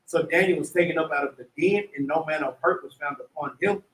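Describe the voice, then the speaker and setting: A man's voice: a little high, fast talker, a bit bright. Man reading scripture, echoey and distant. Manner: reads in old-style scripture wording, stopping to chuckle. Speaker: scripture reader in a Bible class. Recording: echoey room, away from the mic.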